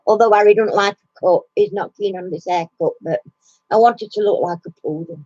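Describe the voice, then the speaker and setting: A woman's voice: mid-range voice, a little fast, mellow, no room sound, lo-fi sound. A woman hosting a casual live chat from her recliner at home, chatty and laughing often. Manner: chatty, laughs often, coos baby talk to her dog. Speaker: live stream host.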